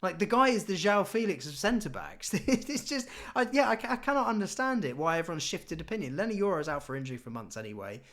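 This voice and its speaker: A young man giving sarcastic, animated football opinions in a casual vlog. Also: high voice, fast, hardly any pauses. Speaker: football YouTuber.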